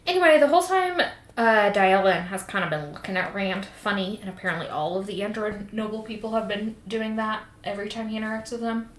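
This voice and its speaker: A woman's voice: medium pitch, a little fast, few pauses. A woman co-hosting a podcast, animatedly recapping a book in casual, profane chat and slipping into quoted voices. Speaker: podcast co-host. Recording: roomy sound with faint noise.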